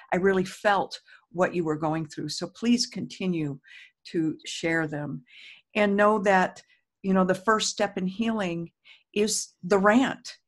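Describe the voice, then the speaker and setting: A middle-aged woman hosting a casual talk, speaking earnestly and with emphasis, and leading a tapping exercise with repeated affirmations. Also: on the low side. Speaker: host.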